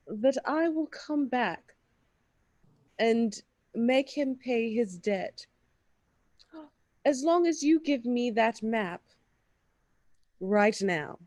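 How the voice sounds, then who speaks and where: A woman's voice: a little high, animated, drawn-out words, pauses often, a little mellow, no room sound. A woman player at a tabletop game, speaking in a mock-formal, polite bargaining way. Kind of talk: in-character tabletop play.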